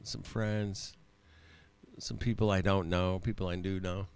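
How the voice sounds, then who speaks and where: A laid-back man hosting a livestream talks in a low, gravelly yet smooth voice. He laughs often, swears casually and peppers his talk with man and bro. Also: level tone, unhurried. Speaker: livestream host. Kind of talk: casual chat.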